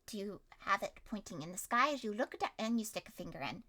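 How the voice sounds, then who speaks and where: A young woman running a tabletop story game as game master, animated and quick to yell and laugh. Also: mid-range voice. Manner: animated, bursts into yelling and laughter.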